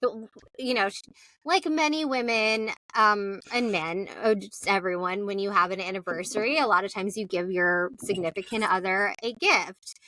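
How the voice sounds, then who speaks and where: A woman co-hosting a podcast, chatting casually and acting out quotes with animated voices. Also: mid-range voice, moderate pace, rough recording. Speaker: podcast co-host. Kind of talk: casual recap chat.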